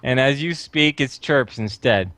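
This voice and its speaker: A young man narrating as game master over a voice call, animated and often laughing. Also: mid-range voice, a little slow, no echo. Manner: animated, laughing, restarts a lot.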